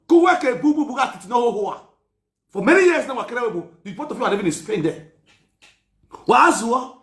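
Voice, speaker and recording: A man with a very high voice rants at length, scolding and mocking as he mixes Pidgin and Yoruba. He often breaks into shouting. His voice rings in an echoey room. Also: lively intonation, a little fast, long pauses. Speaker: commentator. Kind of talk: ranting commentary.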